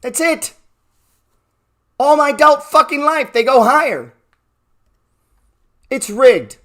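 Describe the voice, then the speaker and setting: High-voiced, profane trading talker. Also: male voice, slow. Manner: profane, emphatic, rhetorical questions; swings between loud bursts and low murmurs. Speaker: trading educator. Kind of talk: motivational talk.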